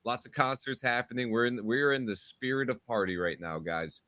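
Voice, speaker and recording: A man's voice: mid-range voice, lively intonation, moderate pace, sharp tone, dry recording. A man hosting a casual podcast, rambling and restarting his sentences as he signs off. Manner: rambling, repeats words while starting sentences. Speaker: podcast host.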